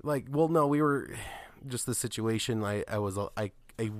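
A man's voice: medium pitch, normal speed, no echo. A man in casual chat who talks in a laid-back, joking way and laughs easily.

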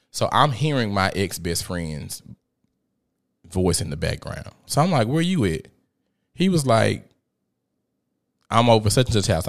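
A man in his thirties talks straight to his podcast audience, telling a painful personal story. He is profane and emphatic, and his voice swings up and down for drama. His pitch sits in an ordinary middle range. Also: a bit bright. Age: 30s. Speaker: podcast host. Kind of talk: candid storytelling monologue.

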